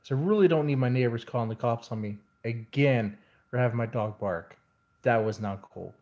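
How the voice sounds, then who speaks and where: A man's voice: mid-range voice, a little fast, darkish tone, lo-fi sound. A man venting in a casual vlog, telling a rambling story in an exasperated way. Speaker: vlogger.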